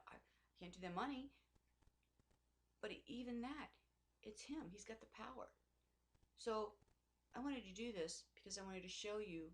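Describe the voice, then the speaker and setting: A middle-aged woman talking in a personal faith vlog, rambling and emotional, with many restarts and asides. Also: mid-range voice. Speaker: Christian vlogger.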